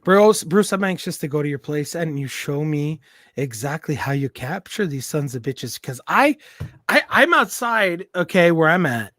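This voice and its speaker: Male guest, high pitched and earnest, animated delivery, dry recording. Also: normal speed, no room sound. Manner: earnest, animated, swears casually. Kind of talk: casual livestream chat.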